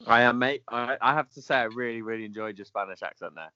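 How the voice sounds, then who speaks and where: A man's voice: medium pitch, quick pace, sharp tone, clear, resonant tone, no echo. A man on a casual podcast, answering a quiz with dry, wry banter and the odd laugh. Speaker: podcast co-host, quiz contestant. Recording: dull lo-fi dry audio.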